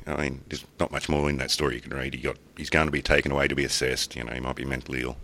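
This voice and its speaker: A man's voice: extremely low pitch, little pitch movement, very fast, vocal fry, sharp tone. An Australian man co-hosting a podcast, rambling in an easygoing, casual chat. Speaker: podcast co-host.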